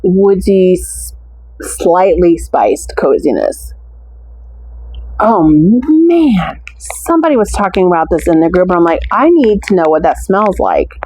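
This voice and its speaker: A woman's voice: lowish voice, sing-song, measured pace, darkish tone, husky, low-quality recording. An American woman chatting casually through a scent haul, gushing and stretching out her descriptive words. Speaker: wax melt haul reviewer. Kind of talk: casual product review chat.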